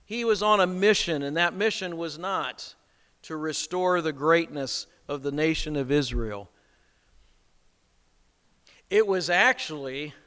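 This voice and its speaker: A man's voice: on the high side, sharp tone, clean tone, big-room sound. A man preaching a sermon as pastor, asking rhetorical questions and stressing his points.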